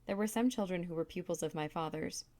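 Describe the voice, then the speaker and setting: A woman reading aloud and voicing a worried older male tutor who speaks quietly and carefully. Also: fairly low pitch, fast, close to an everyday voice. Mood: rueful.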